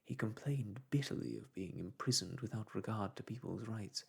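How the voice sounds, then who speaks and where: Husky, hushed male storyteller. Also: on the low side, moderate pace. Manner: hushed, breathy and gentle. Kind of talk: soft ASMR storytelling.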